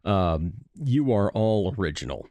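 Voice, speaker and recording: A low-voiced man in his sixties hosts a relaxed music chat, full of "uh"s and enthusiastic compliments for his guest. The sound is close and dry, with almost no room around it. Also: a little slow, no room sound. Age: 60s. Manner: chatty, filler-heavy, enthusiastic praise. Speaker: radio show host. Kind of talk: casual interview chat.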